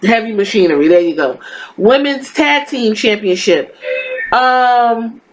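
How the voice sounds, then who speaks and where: A woman with a slightly high voice hosts a casual podcast review. She talks bluntly and sarcastically, swearing freely. She sounds fed up throughout. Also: expressive, unhurried, a little hiss or hum, rough recording. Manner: blunt, profane, exasperated and sarcastic. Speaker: podcast host. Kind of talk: casual wrestling review rant.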